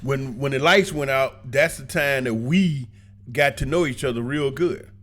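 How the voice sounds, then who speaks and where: Animated man telling travel stories. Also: mid-range voice, a little slow. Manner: animated, colloquial, laughs often, preachy asides. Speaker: vlogger giving travel advice. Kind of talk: casual storytelling monologue.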